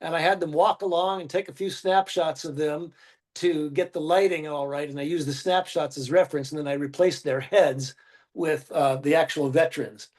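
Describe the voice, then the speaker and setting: A man with a fairly high voice telling stories in a relaxed interview. He acts out quoted dialogue with lively shifts and comes through on a phone or video call. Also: moderate pace. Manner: animated storyteller acting out quoted dialogue. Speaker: guest artist. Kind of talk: casual interview storytelling.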